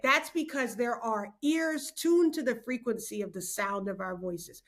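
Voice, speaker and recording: A woman's voice: high voice, expressive, measured pace. A middle-aged woman, a motivational speaker, talking expressively on a faith podcast, laughing often and preaching her points. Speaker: guest speaker. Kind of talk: animated podcast conversation.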